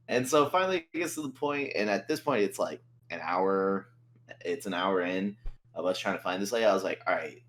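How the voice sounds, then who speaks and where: A man's voice: low voice, animated, brisk, fairly bright tone, slight background noise, low-quality recording. A young man, co-host of a podcast, telling a story in casual chat, acting out quotes and swearing a lot.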